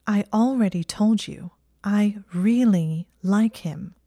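A woman's voice: mid-range voice, slow, dark tone, no echo, voice pushed up. Brief: defensive, teary young witch voiced by a woman narrator, dry close read, storybook audio. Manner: earnest, defensive, tearful.

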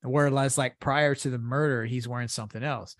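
A man's voice: mid-range voice, steady tone, brisk, no echo, clean studio sound. A man co-hosting a podcast in casual chat, rambling, laughing often and swearing freely. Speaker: podcast co-host.

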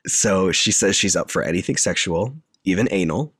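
A man's voice: deep voice, animated, normal speed, fairly bright tone, slightly rough, no echo, studio quality. A man casually recapping a film plot, rambling and full of filler words.

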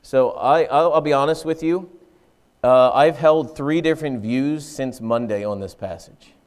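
A man preaching a sermon as pastor, in a conversational style, full of rhetorical questions and quick acted-out asides. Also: mid-range voice, a little mellow, clear, resonant tone.

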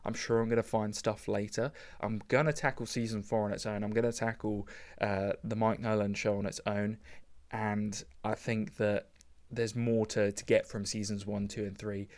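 A man hosting a casual solo podcast, rambling enthusiastically with lots of fillers. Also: lowish voice. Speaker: podcast host.

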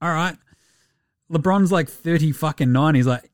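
A man's voice: on the high side, moderate pace, no echo, clean studio sound. An Australian man hosting a podcast, giving casual, sweary, mocking banter. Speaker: podcast host. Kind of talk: casual sports commentary.

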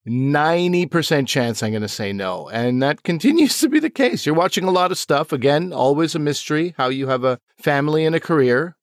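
A man's voice: mid-range voice, dry recording. A man from Montreal co-hosting a podcast, ribbing his partner with dry jokes. His mid-range voice sits close and dry on the mic. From Montreal, Canada. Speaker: podcast co-host, comedian. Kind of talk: casual chat.

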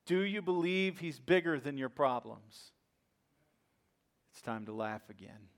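A man preaching a sermon as a pastor, telling a story in a lively way and often checking in with "right?". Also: a little high, unhurried. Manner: acts out quoted voices with bursts of laughter.

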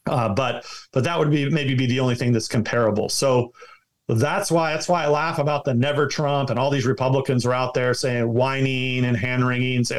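A man's voice: mid-range voice, steady tone, moderate pace. A man talking as a guest in an interview, giving emphatic partisan commentary full of restarts and repeated words. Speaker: political guest.

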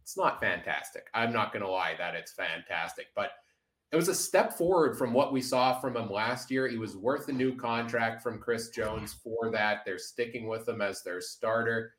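A man's voice: lowish voice, normal speed, fairly bright tone, roomy sound, rough recording. A man hosting a casual sports podcast roundtable, analytical and steering the talk, with frequent "uh" fillers. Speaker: podcast host.

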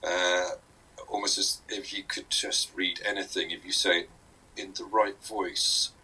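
Deep-voiced, joking man. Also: level tone, bright, forceful tone, husky, poor audio. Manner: joking, laughing often, quick bursts. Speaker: co-host and sketch writer. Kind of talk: casual chat.

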